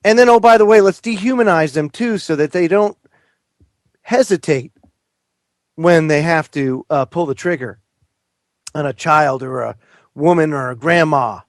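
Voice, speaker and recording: A man's voice: a little high, moderate pace, long pauses, no room sound, studio quality. A man appearing as a guest on political talk radio, speaking emphatically and with indignation.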